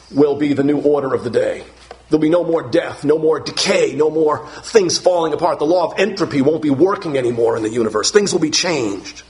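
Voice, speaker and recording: A man preaching an expository sermon, emphatic, repeating key phrases with conversational asides. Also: a little high.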